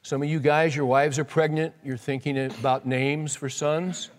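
A man's voice: on the high side, level tone, normal speed. A man preaching a sermon in a folksy, conversational way, reading scripture and talking plainly to the congregation. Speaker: pastor. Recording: reverberant hall recording.

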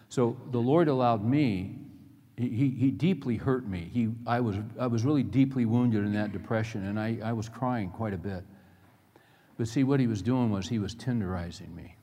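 A man's voice: fairly low pitch, mellow. A middle-aged male pastor preaching a sermon, telling personal stories in earnest, folksy language. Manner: earnest storytelling with plain folksy phrasing. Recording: long reverb of a large hall.

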